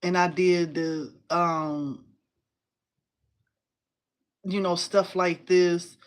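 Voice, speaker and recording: A woman in her forties hosting a casual crafting livestream, chatty and animated, talking to viewers and reading their comments. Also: lowish voice, drawn-out words. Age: 40s. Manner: chatty and animated, addresses viewers as y'all, laughs often.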